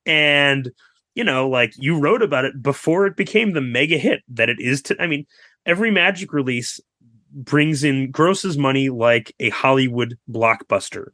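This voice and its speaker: A man talks through a story as a podcast guest, piling on asides and quick fillers. His voice is bright and forceful, recorded dry and close with no room sound. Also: medium pitch, no echo. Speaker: guest author. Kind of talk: casual podcast interview.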